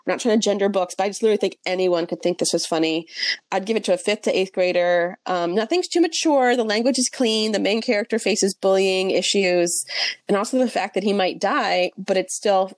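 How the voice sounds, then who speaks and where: A woman's voice: medium pitch, fairly quick, no echo. Chatty young woman reviewing books. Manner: chatty and animated, with fillers and self-mocking asides. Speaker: podcast co-host reviewing books. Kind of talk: casual chat.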